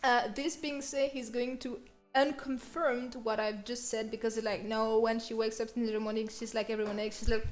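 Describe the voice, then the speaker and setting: A young French woman with a French accent, chatting casually on her art live stream, bubbly and quick to laugh. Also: steady tone, faint music behind. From France. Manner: bubbly, laughs often, slips into squeaky bursts.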